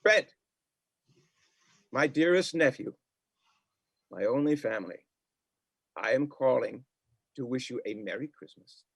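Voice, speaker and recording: A man's voice: medium pitch, lively intonation, measured pace, vocal fry, pauses often, breathy edge, no room sound, full character voice. An actor playing a reformed, once-stingy old boss who now speaks earnestly and emotionally to his family and employee. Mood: heartfelt. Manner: earnest, emotional, sometimes hushed. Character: reformed old miser boss, newly warm. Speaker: stage actor. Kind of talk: community theatre acting.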